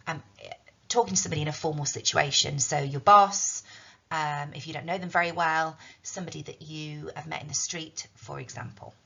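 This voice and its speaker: A woman's voice: on the low side, vocal fry, a bit bright, breathy edge. A woman teaching a recorded language lesson, explaining patiently with frequent ums. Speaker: Spanish teacher. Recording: dull lo-fi recording.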